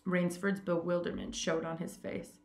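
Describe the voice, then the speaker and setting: Low, gravelly woman reading a story. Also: flat delivery, moderate pace. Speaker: narrator. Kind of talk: story read aloud.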